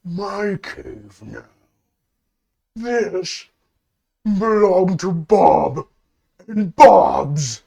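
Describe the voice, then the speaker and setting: A man voicing a hulking, gentle creature who speaks in slow, broken, simple phrases. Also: sits high, vocal fry, pitched above the performer's own voice, full character voice. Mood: proud.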